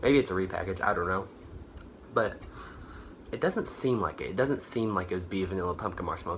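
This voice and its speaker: A man with a low, brisk, slightly bright voice rambles casually through a candle haul, full of fillers and self-corrections. He sounds a bit tired and out of breath, and a faint hiss or hum sits under this laid-back product review chat.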